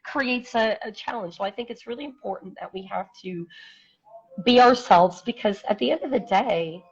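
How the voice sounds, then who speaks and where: Interview guest: outspoken woman, a bit high-pitched, blunt and rambling, dull lo-fi audio. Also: moderate pace, breathy edge. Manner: outspoken, blunt, repeats herself while searching for words. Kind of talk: casual live-stream interview. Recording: dull lo-fi sound.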